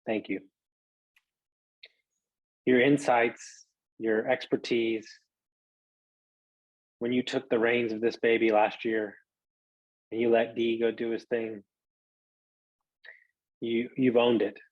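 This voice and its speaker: A man's voice: mid-range voice, flat delivery, slow pace, long pauses, dry recording, lo-fi sound. A man hosting a podcast, giving an emotional, earnest thank-you to his co-host and listeners, swearing casually. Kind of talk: heartfelt thank-you monologue.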